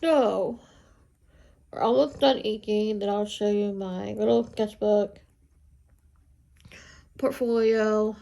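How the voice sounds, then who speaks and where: A woman chatting casually with viewers while she inks a drawing, rambling and chatty, with a high squeaky voice. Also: a little slow, vocal fry, long pauses, a little mellow. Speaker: art channel host.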